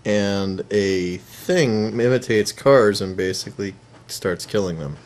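A man's voice: fairly low pitch, takes it slowly, darkish tone. A young man hosting a casual movie night at home, laid-back and joking. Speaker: show host. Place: home living room.

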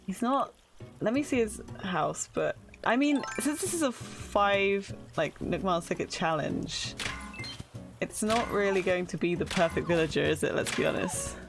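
An excitable young woman talks to her live-stream viewers as she plays, her pitch leaping up into squeals over cute finds. She laughs often and teases herself, and soft game music plays behind her voice. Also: normal speed, vocal fry.

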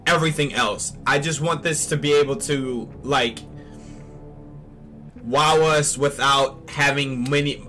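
A young man hosting a casual reaction vlog on a desk mic, rambling excitedly and repeating himself. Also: a little high. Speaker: channel host reacting to a trailer.

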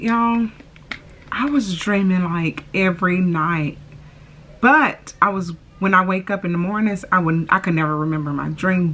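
Slow-talking chatty young woman vlogger. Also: on the low side, fairly bright tone. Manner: chatty, drawls "y'all", lots of "like" and "oh my gosh". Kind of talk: casual chat to camera.

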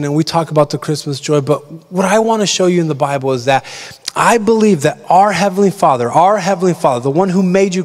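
A man's voice: on the high side, a little mellow. A young man preaching a casual, story-driven sermon as pastor, full of fillers like "like" and "um". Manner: chatty storytelling, lots of fillers. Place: large church. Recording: long reverb of a large church.

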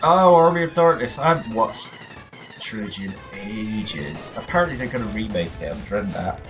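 A laid-back let's play host gives casual game commentary in a lowish, animated voice, speaking a little fast over faint music. He has a cold, sounding a bit stuffy and coughing, and swears offhandedly.

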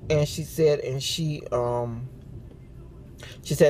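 A woman's voice: low voice, fairly even intonation, normal speed, darkish tone. A middle-aged woman chatting casually to a phone camera, telling stories with lots of laughter. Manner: chatty storytelling with frequent laughs. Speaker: vlogger. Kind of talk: casual morning chat.

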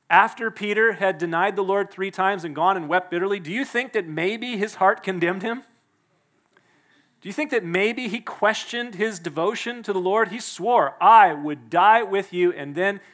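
A man's voice: high-pitched, bright, forceful tone. Emphatic male pastor preaching. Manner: emphatic, acts out the quoted speakers. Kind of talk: sermon. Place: church.

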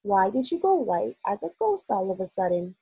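A woman's voice: mid-range voice, very animated, normal speed, creaky, slightly rough, no echo, full character voice, low-quality recording. A woman voicing a composed, dignified queen who speaks sharply when alarmed, in a storybook reading. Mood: dismayed. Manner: startled, then sharp and commanding.

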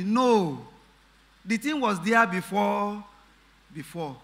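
Male pastor, high bright voice, emphatic sermon with rhetorical questions. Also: slow, in a large hall. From Nigeria.

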